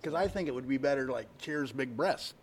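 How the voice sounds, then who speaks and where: A man's voice: medium pitch, a little fast, slight background noise. A man co-hosting a casual podcast chat, teasing and giggling through crude jokes. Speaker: podcast co-host. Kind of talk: casual chat over beers.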